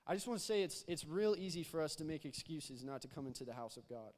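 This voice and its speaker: A young man delivers a sermon in a fairly high voice, chatty and loose, stumbling over repeated words and coaxing the congregation to respond. His voice carries a long reverb tail from the church sanctuary. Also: lively intonation, quick pace, darkish tone, slight background noise. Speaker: youth pastor.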